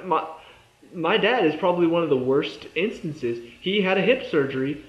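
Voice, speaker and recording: A man's voice: fairly high pitch, lively intonation, normal speed. A young man giving a casual, exasperated review of a TV episode, sarcastic and fond of mimicking the characters. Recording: echoey room, dull lo-fi sound.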